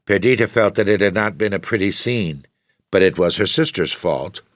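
A man narrating a gothic story with a measured, deliberate reading. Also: low voice, no echo. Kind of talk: scripted narration of a gothic tale.

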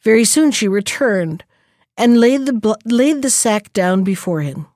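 A woman reading a fairy tale aloud in a gentle, measured storyteller manner. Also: a little high, animated, no room sound, clean studio sound.

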